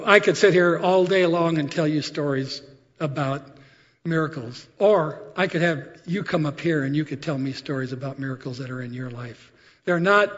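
A man preaching a sermon, telling stories in a conversational, animated way with frequent asides. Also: a little high, long reverb tail, muffled recording. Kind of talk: sermon storytelling.

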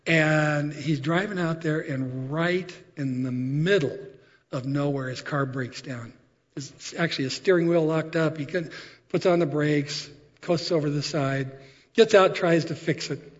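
A male preacher tells stories from the pulpit in a relaxed, animated sermon voice that sits a little high for a man. His voice rings out with a long reverb tail, and the recording sounds slightly dull and muffled. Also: a little slow. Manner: conversational, animated storytelling with asides. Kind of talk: sermon storytelling.

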